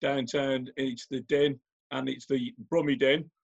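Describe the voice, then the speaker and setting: A man's voice: mid-range voice, level tone, a little slow, creaky, lo-fi sound. A man hosting a live online interview, asking chatty, rambling questions. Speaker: host.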